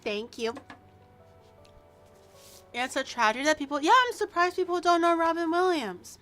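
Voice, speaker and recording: A woman's voice: very high-pitched, lively intonation, normal speed, fairly bright tone, soft background music. A woman in her early twenties with a Canadian accent, chatting casually and teasingly with viewers on a livestream, with lots of fillers. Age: early 20s. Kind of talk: casual chat reacting to viewers.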